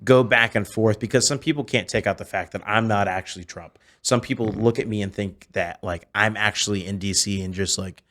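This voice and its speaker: A man in his twenties, a podcast guest telling animated stories in casual chat, often restarting his sentences. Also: fairly low pitch, brisk, hardly any pauses. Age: 20s. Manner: animated storyteller, frequent restarts. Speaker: podcast guest, celebrity impersonator.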